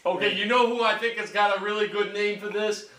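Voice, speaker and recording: A man's voice: sits high, fairly even intonation, fairly quick, roomy sound, heavy background noise. A man co-hosting a podcast, mocking and laughing in casual banter. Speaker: podcast co-host.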